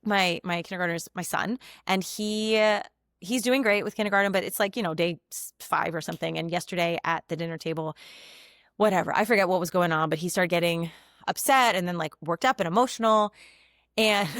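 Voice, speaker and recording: A woman's voice: mid-range voice, a little fast, a bit bright, dry recording. Woman in her 30s doing a chatty heartfelt podcast monologue at home, desk mic, dry sound. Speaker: podcast host and coach. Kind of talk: casual personal monologue.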